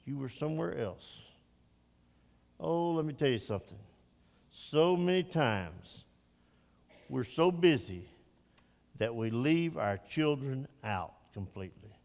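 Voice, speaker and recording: An older man preaching a Father's Day sermon, climbing to loud, high emphatic peaks and then dropping to soft, slow reflection. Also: lively intonation, long reverb tail.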